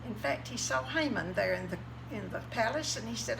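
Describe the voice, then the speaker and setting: A woman teaching a children's Bible class, telling the story gently, with fillers. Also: a little high, lively intonation, a little fast, gravelly, hardly any pauses, background noise.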